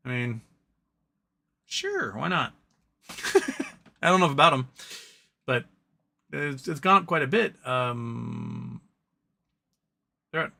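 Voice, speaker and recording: A man's voice: fairly high pitch, vocal fry, bright, forceful tone. A man hosting a live stream, chatting casually about stocks and reading viewer questions, with a rambling delivery full of ums and self-corrections.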